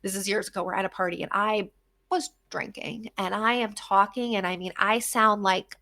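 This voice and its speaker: Woman, New Jersey accent, podcast host, bright tone, animated storytelling, casual chat. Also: mid-range voice, normal speed, vocal fry. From New Jersey, USA. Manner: animated storyteller who acts out quoted voices.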